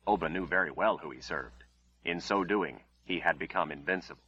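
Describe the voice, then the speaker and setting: A man narrating an audiobook in a measured, dramatic storytelling manner. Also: sits low, bright, forceful tone, husky, lo-fi sound.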